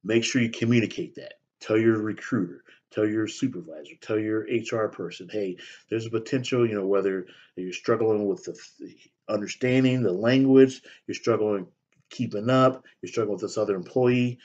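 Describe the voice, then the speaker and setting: A man's voice: lowish voice, normal speed, darkish tone, lo-fi sound. A man who works as a staffing recruiter, giving blunt career advice in a casual talk to camera, often checking in with "okay?" and "right?". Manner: direct, repetitive, punctuates with "okay?" and "right?".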